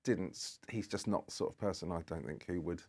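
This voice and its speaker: Low-pitched and brisk, this man's voice has a darkish tone with a breathy edge. He's a British guest on a podcast, casually telling a long, meandering story and voicing the dialogue along the way.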